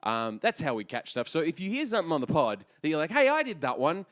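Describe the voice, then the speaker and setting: A man's voice: a little high, big pitch swings, fast talker, a bit bright, no room sound, clean studio sound. A man co-hosting a casual comedy podcast, loose and jokey, laughing often. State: recovering from the flu. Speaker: podcast co-host. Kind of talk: casual chat.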